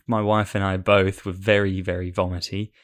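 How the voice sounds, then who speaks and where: Guy with a lowish voice, self-deprecating, rambles with ums on a podcast. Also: little pitch movement, normal speed. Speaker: podcast co-host. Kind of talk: casual podcast chat.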